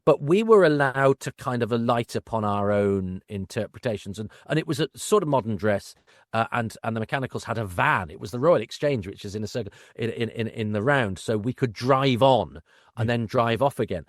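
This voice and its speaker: A man's voice: medium pitch, lively intonation, fairly quick, dry recording, clean studio sound. A middle-aged man, an actor and podcast guest, telling anecdotes in a wry, self-deprecating way.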